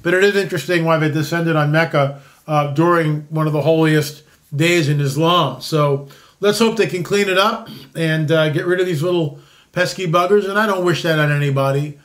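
A man in his sixties with a voice on the high side hosts a commentary show at a moderate pace. His opinionated, casual talk rambles emphatically, with frequent restarts, repeated words, and disclaimers.

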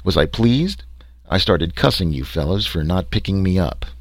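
A man's voice: low voice, expressive, moderate pace, dry recording. A man voicing a wry, sarcastic explorer recounting his trek. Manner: sarcastic, dry storytelling.

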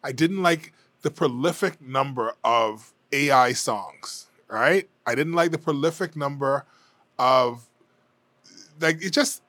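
A man's voice: a little high, normal speed, fairly bright tone, no room sound. Candid man with a dry, close sound. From Bahamas. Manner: candid, conversational, hedging. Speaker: political commentator. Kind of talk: casual opinion monologue.

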